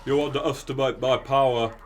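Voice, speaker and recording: A man doing an impression of an anguished, heartbroken Jedi master from a film, loud and impassioned. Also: mid-range voice, steady tone, a little fast, a little hiss or hum, pitched above the performer's own voice, close to an everyday voice.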